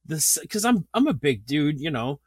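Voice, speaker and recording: A podcast host in his thirties tells a story in a casual chat, animated and laughing often, with lots of "like" fillers. His voice is fairly high and husky at normal speed, recorded in clean studio sound with no room ambience.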